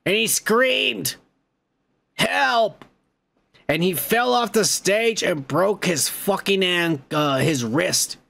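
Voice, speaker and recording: A male comedy podcast host tears into the news in a profane, indignant rant. His voice sits a little high with a gravelly, fried edge, and he swears in nearly every line. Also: expressive, takes it slowly, few pauses. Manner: loud, indignant, swears constantly.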